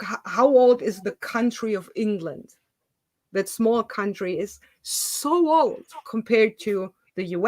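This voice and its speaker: A woman's voice: medium pitch, no room sound. A woman with a Swabian German accent, a non-native English speaker, explaining things at length as the host of a casual video-call chat. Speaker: channel host.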